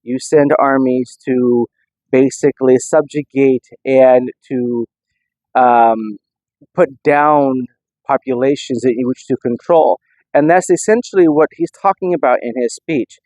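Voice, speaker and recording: A man's voice: medium pitch, measured pace, a little mellow, dry recording, poor audio. A man casually explaining history inside an old church, rambling with frequent restarts. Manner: loose, rambling delivery with many restarts. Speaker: history vlogger.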